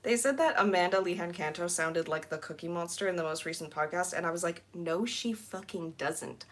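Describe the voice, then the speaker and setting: A young woman live streaming while she cleans, chatting casually with giggly, rambling asides and excited squeals. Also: fairly low pitch, fast. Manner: bubbly, squealing excitedly at new members.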